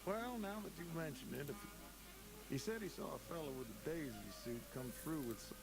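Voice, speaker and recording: An actor playing a gruff, folksy older frontier townsman in a video game, speaking in a plain-spoken drawl. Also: on the high side, animated, brisk, music in the background, rough recording. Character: folksy old frontier town man, gruff. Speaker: game character.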